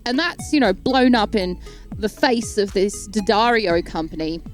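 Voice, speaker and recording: A woman delivering a sarcastic, animated comedic rant straight to camera, rambling from point to point. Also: medium pitch, measured pace, soft background music. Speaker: comedic YouTube ranter.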